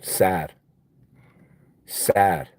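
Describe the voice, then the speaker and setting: A man's voice: deep voice, drawn-out words, darkish tone, no room sound. A man ranting casually on a livestream, slangy and profane, repeating himself and calling everyone bro and homie. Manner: heated, repeats himself for emphasis. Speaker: livestreamer and fighter.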